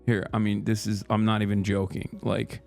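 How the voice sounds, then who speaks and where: A man livestreaming in casual chat, telling stories in a profane, animated way with lots of fillers. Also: lowish voice, moderate pace, gravelly, soft background music.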